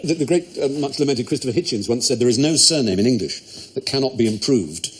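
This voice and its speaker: A quiz show host telling a wry, playful story to a panel in a TV studio. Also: male voice, medium pitch, expressive, fast, a little hiss or hum. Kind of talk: hosting a comedy panel quiz. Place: TV studio with audience.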